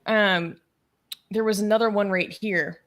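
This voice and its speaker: A woman with a mid-pitched voice co-hosts a casual livestream, showing images and reading out viewer comments. She speaks enthusiastically, with plenty of ums and likes. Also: steady tone, a little slow, fairly bright tone. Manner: enthusiastic, with fillers like um and like. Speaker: co-host of a livestream show.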